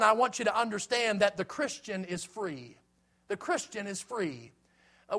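Guy with a pretty high voice preaching, earnest, keeps repeating himself, slows way down on bible verses. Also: a bit bright. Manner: earnest, repetitive exhortation, slows right down on scripture quotes. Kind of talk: evening sermon.

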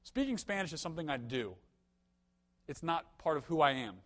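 A young man delivers a sermon in a relaxed, conversational manner, weaving humorous personal stories into scripture. His voice sits a little on the higher side for a man and rises to emphatic peaks when he drives a point home. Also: fairly quick. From United States. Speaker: preacher.

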